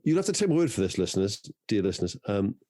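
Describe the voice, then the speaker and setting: A man with a low, mellow voice, dry and teasing as he co-hosts a casual podcast chat. The sound is close and dry, with no room around it. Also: very animated, rapid-fire, dry recording. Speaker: podcast co-host. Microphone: video call.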